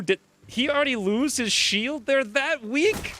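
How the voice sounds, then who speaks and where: A man streaming a strategy game, talking excitedly over the play and crying out when his fighters get hit. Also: very high-pitched, a little slow, slight background noise. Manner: animated, yelps and cries out at hits. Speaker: gameplay streamer. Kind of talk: excited gameplay commentary.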